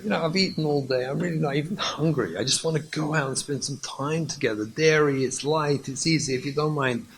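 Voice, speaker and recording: A man voicing a wife cooped up at home, weary and plaintive, turning shrill with exasperation. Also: fairly quick, hardly any pauses, slight background noise, lightly acted. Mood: weary pleading.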